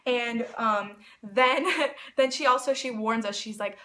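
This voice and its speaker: A young woman telling a personal story in a vlog, excited and rambling, full of fillers and quoted dialogue. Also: on the high side, measured pace. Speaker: vlogger.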